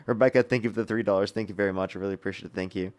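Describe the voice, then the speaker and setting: A young man hosting a live political call-in debate, combative and incredulous with quick retorts. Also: on the low side, fairly even intonation, a little mellow. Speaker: livestream debate host.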